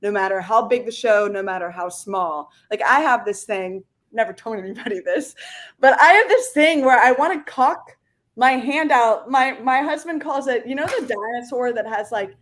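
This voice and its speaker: A woman singer talking as a guest in a casual interview, chatty and animated, with many "like" fillers. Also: a little high, moderate pace.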